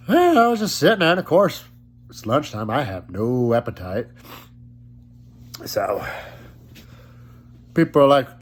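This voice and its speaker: A man's voice: mid-range voice, sing-song, a little slow, pauses often, slightly rough. A young man telling a rambling, profane story about being sick, recorded at home while he is still coughing a little. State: still coughing after illness. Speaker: vlogger. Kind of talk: casual storytelling vlog. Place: at home on his sofa.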